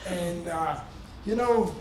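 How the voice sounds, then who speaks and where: A man's voice: high voice, slow. An older man from New York, the father of the groom, giving a rambling, folksy wedding speech. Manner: rambling, folksy, warm-hearted. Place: wedding reception hall. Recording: echoey hall from far off, crowd noise.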